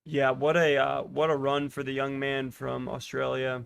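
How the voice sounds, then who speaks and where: A young man commentating a track race live for a watch-party stream, getting excited as the race builds and chatting to viewers. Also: medium pitch, moderate pace, gravelly, clean tone. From United States. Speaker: podcast host commentating a race.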